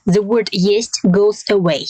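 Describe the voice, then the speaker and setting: A woman teaching a language lesson, hesitating with many fillers and modelling example phrases slowly and carefully. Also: medium pitch, steady tone, dark tone, no echo, poor audio.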